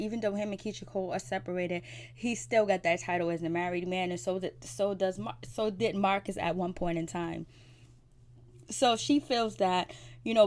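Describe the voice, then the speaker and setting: Chatty and full of opinions, a female TV recap vlogger talks through her casual show, leaning heavily on fillers such as "like" and "you know." Her voice sits at medium pitch and has a slightly mellow quality.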